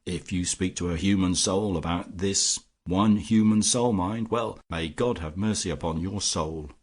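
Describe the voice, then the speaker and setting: A man voicing a soft-spoken, sinister older male captor who threatens quietly in an audiobook reading. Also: sits low, normal speed, slightly rough. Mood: quiet menace. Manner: quiet, menacing, giggling.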